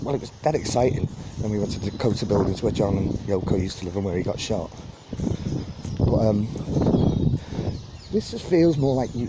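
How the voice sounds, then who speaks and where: Walking through a city park with his phone in hand, a male vlogger gives a rambling, chatty tour, laughing at his own jokes. His voice sits in the mid range, and there's heavy background noise.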